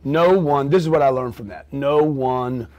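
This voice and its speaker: Middle-aged guy telling a wild story on a podcast, swears a lot, does sound effects, mid pitch. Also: moderate pace. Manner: animated, profane, acts out scenes with sound effects. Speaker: guest.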